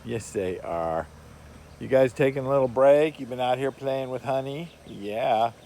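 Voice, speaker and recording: A man filming his dogs outdoors in a yard, talking to them in a coaxing way and gently scolding their rough play. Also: medium pitch, measured pace, slight background noise. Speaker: dog owner filming his pets. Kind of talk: casual talk to pets.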